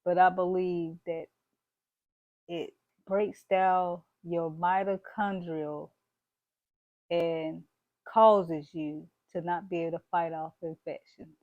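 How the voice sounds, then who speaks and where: A woman's voice: on the low side, little pitch movement, slow pace, a little mellow, no echo, lo-fi sound. A woman vlogging straight to her viewers in a bold, preachy, emphatic manner, dropping "y'all" and "baby" along the way. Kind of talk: casual motivational talk to camera.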